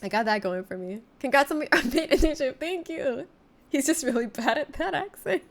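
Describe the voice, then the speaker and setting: A woman's voice: sits high, lively intonation, normal speed. A woman giving live gameplay commentary as a streamer, joking with her viewers in a playful, laughing way. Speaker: game streamer.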